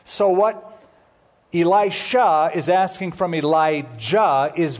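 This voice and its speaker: Speaking in a voice on the high side, this man leads a Bible teaching as pastor, keeping things chatty and humorous. When names come up, he slows to spell them out.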